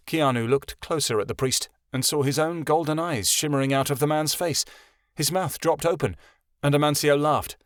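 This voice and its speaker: A man narrating a fantasy audiobook in an even storytelling manner. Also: fairly high pitch, normal speed, dry recording, clean studio sound.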